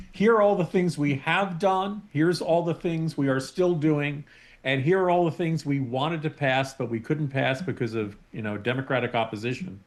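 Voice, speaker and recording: A man appearing as a guest columnist on a talk show by video call, measured and analytical, hedging his points. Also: on the high side. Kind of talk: talk radio panel discussion.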